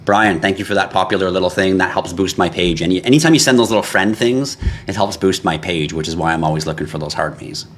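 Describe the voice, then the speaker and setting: A man's voice: low voice, fast talker, hardly any pauses, slight background noise. Blunt, profane livestream host, man. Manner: blunt and profane, gets irritated and animated; reads out viewer questions and answers them. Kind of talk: casual livestream chat reading comments.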